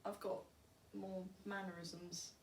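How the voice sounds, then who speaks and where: A woman's voice: mid-range voice, flat delivery. Teasing young woman, distant and roomy. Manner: dry, teasing, quick to laugh. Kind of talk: casual chat. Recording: roomy, distant mic, faint noise.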